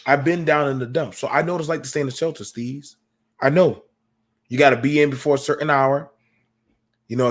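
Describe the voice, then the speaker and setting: A man hosting a casual call-in podcast, telling personal stories in a lively, preachy way with slang. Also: medium pitch. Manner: animated, preachy storytelling with slang. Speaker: podcast host.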